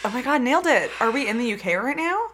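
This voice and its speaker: Young woman, podcast co-host, casual chat, bright voice, bubbly, jokey. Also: high-pitched, sing-song. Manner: bubbly, giggly, jokey, quick asides.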